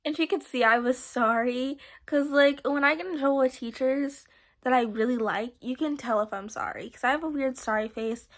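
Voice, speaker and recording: A woman's voice: sits high, moderate pace. A teenage girl telling a rambling, giggly story to her viewers, full of fillers and restarts. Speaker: vlogger. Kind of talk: casual storytelling to camera.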